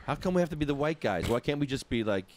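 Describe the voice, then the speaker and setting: A man's voice: medium pitch, animated, fast, darkish tone. A man in a casual chat, teasing and sarcastic. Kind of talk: casual banter.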